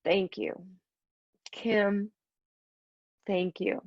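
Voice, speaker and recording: Speaking to teachers at a virtual conference, a middle-aged keynote speaker sounds earnest and moved, using repetition to stress her points. She has a steady, mid-range voice and draws out her words, captured in dry, somewhat dull video-call audio.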